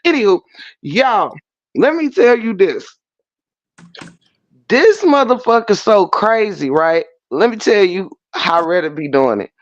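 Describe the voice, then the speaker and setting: Man, high voice, sassy and mocking, profane, dry close sound. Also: sing-song, unhurried, pauses often, no echo, muffled recording. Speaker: livestream commentator. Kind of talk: casual drama commentary.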